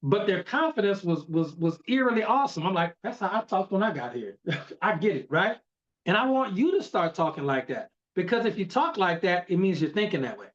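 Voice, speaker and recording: A man's voice: sits high, sing-song, fairly quick, lo-fi sound. A man leading a motivational team training over a video call, coaching in an emphatic, repetitive way. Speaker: network marketing team leader.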